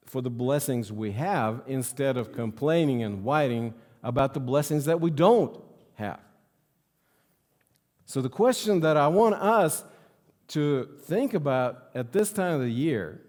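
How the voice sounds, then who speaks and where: A man's voice: mid-range voice, lively intonation, takes it slowly, pauses often, darkish tone. A male pastor preaching a sermon in a church sanctuary, earnestly repeating phrases for emphasis. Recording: long reverb of a church hall.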